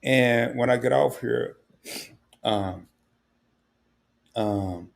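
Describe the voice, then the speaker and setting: In a creaky mid-range voice that drags out his words, an older livestream host chats casually. He's frank and a little meandering, and his feelings come across as he talks.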